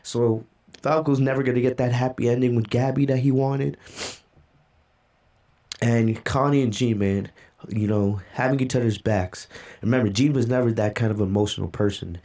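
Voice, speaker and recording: A man hosts a casual reaction video from a home streaming setup, holding back tears as he walks through a manga chapter. His voice sits mellow and soft-edged, and he talks in a loose, rambling way, full of "you know" and "right?". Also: medium pitch, steady tone, normal speed. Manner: emotional, recaps events loosely with fillers. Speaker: manga reaction channel host.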